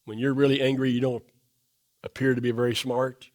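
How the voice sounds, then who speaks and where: A middle-aged man preaching a sermon in a church, asking the congregation question after question, his voice dropping low and soft to drive points home. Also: little pitch movement, brisk. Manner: emphatic, asks the congregation rhetorical questions. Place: church sanctuary.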